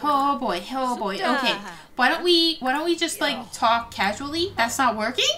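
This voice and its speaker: A young woman casually commenting on her own game play, excitable and quick to gasp and laugh. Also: high voice, a crowd in the background. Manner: excitable, frequent gasps and laughs. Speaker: gaming video host.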